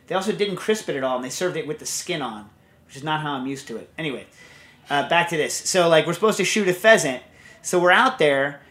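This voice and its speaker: A man's voice: fairly high pitch, lively intonation, fairly quick, fairly bright tone. Chatty rambling male podcast host. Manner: rambling, storytelling, loose and chatty. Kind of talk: casual chat.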